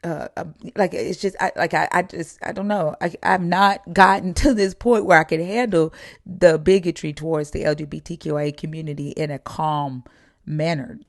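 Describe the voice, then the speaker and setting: A woman's voice: deep voice, fairly even intonation, normal speed, creaky, no echo, clean studio sound. A woman telling stories in a blunt, profane, heated way, in candid conversation.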